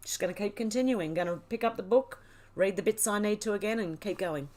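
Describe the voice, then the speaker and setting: A woman hosting a livestream reads out her viewers' chat messages one after another. She is tearful and overwhelmed, laughing and choking up as she goes. Her voice sits at an ordinary middle pitch. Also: fairly quick, a little mellow. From Australia. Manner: emotional, teary and laughing, overwhelmed. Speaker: livestream host. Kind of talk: reading live chat aloud.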